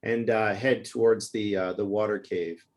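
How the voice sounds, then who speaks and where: A man's voice: on the low side, fairly even intonation, moderate pace, darkish tone. A man playing a tabletop game, playful and joking with the others. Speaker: player. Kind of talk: casual tabletop game play.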